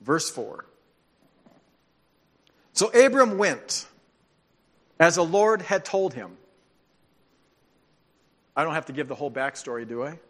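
Pastor preaching a sermon, higher voice. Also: male voice, slow pace, pauses often. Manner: animated storytelling, drops to soft earnest tones.

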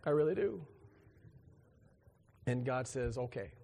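A man preaching a sermon in an animated, joking way, acting out little dialogues with big swings in his voice. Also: mid-range voice, measured pace, gravelly, big-room sound, slight background noise. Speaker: pastor.

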